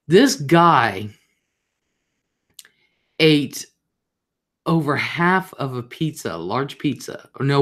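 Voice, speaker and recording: A woman hosting a casual livestream, chatting straight to her viewers in a rambling, talkative way. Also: a bass voice. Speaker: livestream host.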